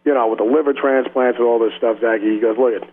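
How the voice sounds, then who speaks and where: A man's voice: medium pitch, steady tone, fast. Rambling, laughing man on a slightly dull radio line. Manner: rambling and slangy, laughs often, acts out the people in his stories. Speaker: rock guitarist guest. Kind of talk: casual radio interview storytelling.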